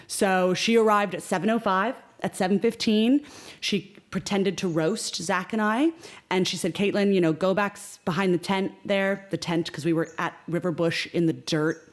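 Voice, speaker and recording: A woman in her forties from the United States with an American accent, a podcast guest telling stories in a lively way and acting out her friends' voices. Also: medium pitch, normal speed. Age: 40s. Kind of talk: casual storytelling.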